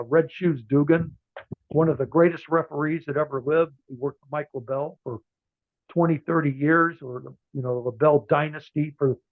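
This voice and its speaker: A man's voice: a little high, dry recording. A man in his sixties, a former wrestler, tells rambling stories in a casual interview, with lots of fillers and restarts. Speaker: interview guest, former wrestler and ring announcer. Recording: tinny phone-like line, dry.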